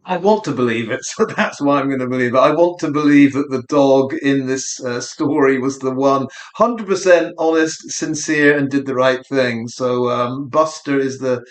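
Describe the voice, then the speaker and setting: A man's voice: medium pitch, normal speed, hardly any pauses. A man co-hosting a livestream, giving earnest, reflective commentary on a case. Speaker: livestream co-host. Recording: echoey room.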